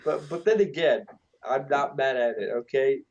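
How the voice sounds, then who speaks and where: A man's voice: mid-range voice, moderate pace, a little mellow. A young man co-hosting a meme podcast, joking crudely and rambling in casual chat over a voice call. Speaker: podcast co-host.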